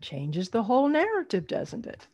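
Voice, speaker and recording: A woman presenting an online storytelling workshop for young tellers, speaking in an animated, teacherly way over a video call. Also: on the high side, husky, no echo, muffled recording. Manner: animated, teacherly, drawn-out emphasis.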